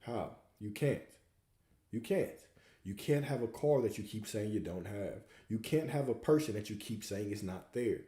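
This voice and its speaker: A man's voice: lowish voice, expressive, normal speed, dark tone, reverberant. A man hosting a livestream Q&A, coaching viewers and hammering points home with repeated rhetorical questions. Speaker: host answering viewer questions.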